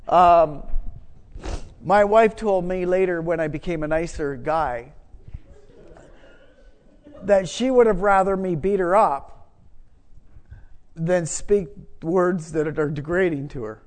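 A middle-aged man preaching a sermon, conversational and self-deprecating, building to loud emphatic moments. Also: on the high side, slow, long pauses. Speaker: pastor. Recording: long hall reverb.

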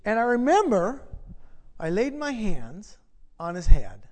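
A male pastor preaching in a church, his voice carried on a long, ringing reverb. He swings widely in pitch as he tells his story and builds toward fervent appeals. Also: huge pitch swings, a little slow, a little mellow. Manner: storytelling, then rising to impassioned preaching. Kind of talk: sermon.

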